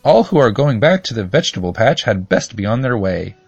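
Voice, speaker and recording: A man voicing an excitable old witch woman in a storybook reading, pushing his voice high and strained. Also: fairly quick, creaky, breathy edge, no room sound, lo-fi sound, exaggerated voice. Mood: exclaiming.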